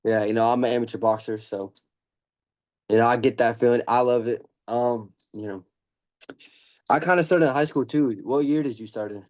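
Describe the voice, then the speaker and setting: A man's voice: medium pitch, darkish tone. A teenage boy hosting a podcast interview, eager and chatty, with lots of fillers. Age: teens. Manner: eager, fast, many fillers. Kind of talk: casual interview.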